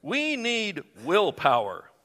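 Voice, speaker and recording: A man voices an earnest storybook frog who patiently reasons through every problem. His tone is bright and lively, slightly high, and carries a long hall echo. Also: slow pace, full character voice. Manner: calm, reasoning.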